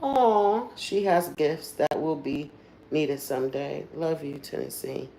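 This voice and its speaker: Woman, low pitch, livestream host, candid casual storytelling, swears freely, trailing asides. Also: slow, creaky, mellow, a little hiss or hum.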